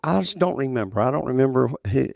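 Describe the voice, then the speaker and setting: An older man who once served as an association president tells a long story in an interview, often repeating phrases and quoting other people. His medium-pitched voice is animated, fast, gravelly and a little mellow. The recording has no room sound.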